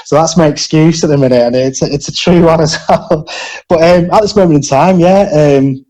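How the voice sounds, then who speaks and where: A man's voice: on the high side, moderate pace, warm tone, rough recording. A man in his forties from Britain, a podcast guest chatting casually, hesitant with many fillers and restarts. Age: 40s. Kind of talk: casual interview chat.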